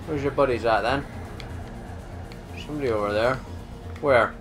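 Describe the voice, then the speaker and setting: A man giving live gameplay commentary, excitable and swearing a lot, talking at the enemies on screen. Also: medium pitch, moderate pace, long pauses, faint music behind. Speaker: gamer doing a let's play.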